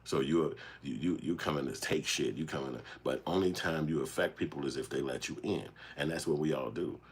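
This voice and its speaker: Very deep, husky-voiced man telling stories. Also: fairly quick. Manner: rambling, animated storytelling with street slang and profanity. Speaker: filmmaker and channel host. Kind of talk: casual monologue commentary.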